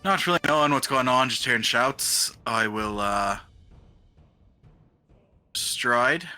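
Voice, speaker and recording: A man playing in a tabletop game, speaking haltingly with many filler pauses as he declares his actions. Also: medium pitch, lively intonation, bright, forceful tone, soft background music. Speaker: player.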